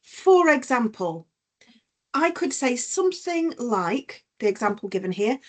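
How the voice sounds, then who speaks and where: A woman teaching a business-English class online, her voice sitting a little high and her delivery slow and unhurried. She explains each point patiently and stops to give examples, and the sound comes through a video call. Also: sing-song. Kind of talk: online punctuation lesson.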